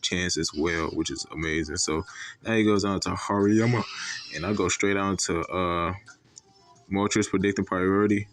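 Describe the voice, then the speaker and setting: A man's voice: low voice, fairly even intonation, normal speed, fairly bright tone, soft background music. A young man giving casual, profane commentary on his own competitive games, brash and full of fillers. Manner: brash, profane trash-talk with frequent fillers. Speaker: gaming commentator.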